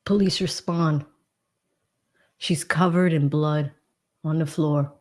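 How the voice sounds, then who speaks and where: Female livestream host, true crime commentary; indignant, emphatic, slow and deliberate delivery. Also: low voice, fairly even intonation, a little mellow. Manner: indignant, emphatic, talks straight to viewers.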